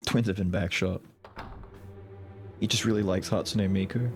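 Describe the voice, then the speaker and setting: A man's voice: low voice, steady tone, moderate pace. A man streaming a video game, giving casual commentary with crude, joking asides. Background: loud game music.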